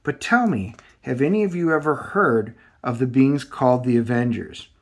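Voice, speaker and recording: A man's voice: mid-range voice, normal speed, natural voice. A man reading the lines of a proud, fierce female superhero warrior princess from a comic, sounding boastful and commanding. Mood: determined.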